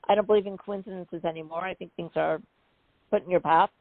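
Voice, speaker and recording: A woman guest on an interview show, telling a personal story in a chatty, animated way with many asides. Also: lowish voice, fast talker, no echo. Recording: phone-like dry call audio.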